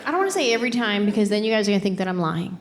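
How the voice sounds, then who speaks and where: A middle-aged woman doing stand-up comedy on stage through a handheld mic, telling her stories in an exasperated, animated, playful way. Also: mid-range voice, racing, noisy background. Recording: live comedy show with laughing crowd. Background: audience laughter and applause.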